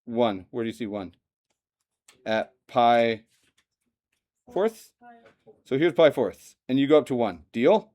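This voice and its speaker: A man teaching a math lesson to a classroom, lively and joking, often asking the students questions. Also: medium pitch, slow, pauses often. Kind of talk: classroom lecture.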